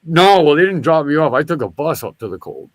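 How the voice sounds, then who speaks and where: A man's voice: fairly high pitch, brisk, dry recording. A man telling a long, rambling story with a lot of swearing. He often breaks off and starts his sentences again. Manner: rambling, profane, animated storytelling; restarts and backtracks often. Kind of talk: casual storytelling.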